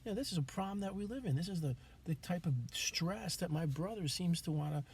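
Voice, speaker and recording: A man's voice: high voice, lively intonation, brisk, creaky, slightly rough. A man venting in a rambling, swearing vlog monologue, grieving and angry, with many restarts. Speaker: vlogger.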